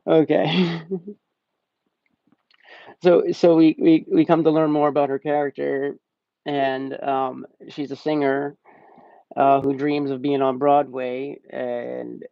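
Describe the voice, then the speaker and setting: Young guy rambling about a movie on stream, slow and laid back, cusses a lot, kinda muffled mic. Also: fairly high pitch, clear, resonant tone, dry recording. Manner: rambling, profane, laughs often. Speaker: movie reviewer. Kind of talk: casual live-stream movie review. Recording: slightly muffled dry stream audio.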